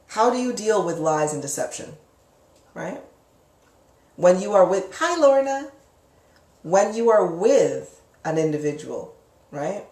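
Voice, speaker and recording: A woman's voice: low-pitched, a little mellow, reverberant. A woman hosting a live psychic Q&A, answering viewer comments in a frank, chatty way with casual swearing. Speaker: psychic live-stream host.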